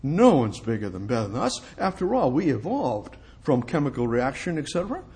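A man's voice: mid-range voice, very animated, a little fast, mellow. A man voicing a smug talking ant in a sermon illustration, boasting that nothing is bigger or better than its kind. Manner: boastful, self-satisfied.

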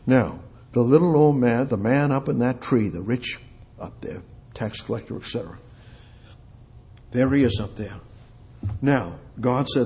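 A man's voice: medium pitch, a little slow, pauses often. Impassioned male preacher, repeating phrases. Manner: repeats words, builds to loud impassioned peaks, drops to quiet. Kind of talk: sermon.

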